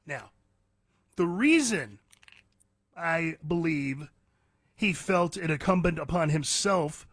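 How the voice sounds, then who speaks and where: A man's voice: sits high, a bit bright, no echo. A man hosting talk radio, ranting bluntly and combatively in an opinionated monologue from a radio studio.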